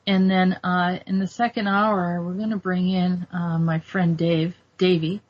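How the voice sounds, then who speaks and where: A woman hosting a casual talk show, rambling warmly with lots of fillers and restarts. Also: lowish voice, little pitch movement, a little slow. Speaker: show host. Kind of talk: casual chat. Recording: dull lo-fi sound.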